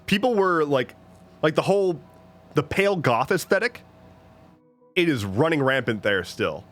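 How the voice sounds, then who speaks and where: A man's voice: a little high, big pitch swings, moderate pace, fairly bright tone. A man chatting casually on a stream, rambling and joking with lots of restarts and swearing. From United States. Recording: faint music behind.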